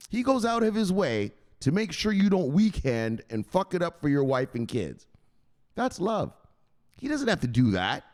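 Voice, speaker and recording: A man's voice: a little high, darkish tone. A man hosting a crypto news show, talking casually, joking, swearing and laughing often. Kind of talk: casual vlog commentary.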